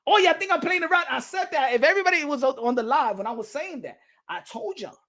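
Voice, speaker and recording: A man's voice: very high-pitched, animated, quick pace, sharp tone. A man commenting on boxing in a rowdy, joking rant who repeats himself and laughs often. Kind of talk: casual rant.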